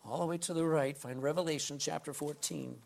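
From the pulpit, a pastor preaches a sermon in a fairly high, steady, somewhat creaky voice at a fairly quick pace. He reads scripture aloud and puts direct questions to the congregation, emphatically swinging between loud readings and quiet asides.

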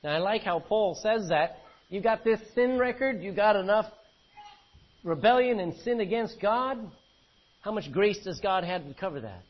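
Husky high-voiced man preaching a sermon. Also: lively intonation, moderate pace, muffled recording. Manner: reads scripture verse by verse, then explains with questions to the congregation. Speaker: pastor. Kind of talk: expository sermon reading scripture.

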